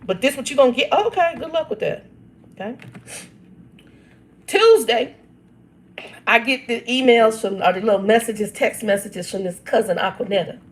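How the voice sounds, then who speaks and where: A woman's voice: a little high, moderate pace, long pauses. A woman in her fifties tells a personal family story straight to her viewers. She talks emphatically, often exclaims and laughs, and reads out comments from her live chat. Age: 50s. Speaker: channel host reading live chat.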